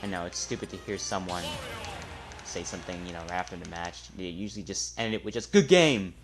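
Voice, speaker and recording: A man giving live gameplay commentary, trash-talking the opponent and muttering between loud outbursts. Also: low-pitched, flat delivery, quick pace. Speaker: gamer. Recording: loud game music behind voice. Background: fighting game music and effects.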